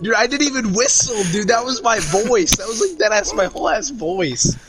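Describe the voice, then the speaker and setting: A young man in casual gaming banter over voice chat, laughing often and breaking into sudden loud yelps. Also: high voice, lively intonation, moderate pace, a loud crowd. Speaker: gamer in voice chat.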